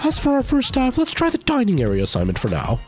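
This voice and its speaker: A man's voice: wildly swooping pitch, fast, over music, heavily acted. A man voicing a cheerful young woman who explains hiring staff in a game. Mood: chirpy. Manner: bright, chirpy, put-on high voice.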